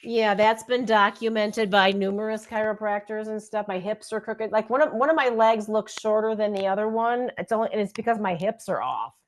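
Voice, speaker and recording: A woman chatting on a video call, telling a story with lively acted-out quotes. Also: medium pitch, brisk, few pauses. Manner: animated storytelling, acts out quotes loudly. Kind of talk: casual chat.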